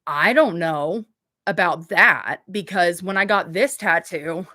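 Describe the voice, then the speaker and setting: A woman's voice: fairly low pitch, slow pace, sharp tone, no room sound, studio quality. A woman hosting a livestream in a casual, rambling way, full of filler words and blunt swearing. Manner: rambling, chatty, heavy on "like" fillers. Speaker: livestream host.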